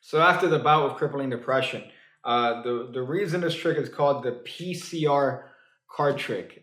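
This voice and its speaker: A man's voice: medium pitch, a bit bright. A man teaches a card trick with plenty of "uh"s and restarts. He slips in dry, offhand jokes as he goes. His mid-range voice rings a little in an echoey room. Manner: halting, full of fillers and restarts; dry, joking asides. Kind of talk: casual comedic tutorial.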